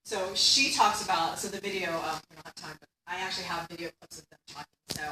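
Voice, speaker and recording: A woman's voice: on the low side, fairly even intonation, fast talker, pushed and bright. A woman academic giving a conference keynote in a conversational way, often checking in with "right?". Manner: conversational, tags points with "right?". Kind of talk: conference lecture. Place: lecture hall. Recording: echoey hall, distant mic, faint hiss.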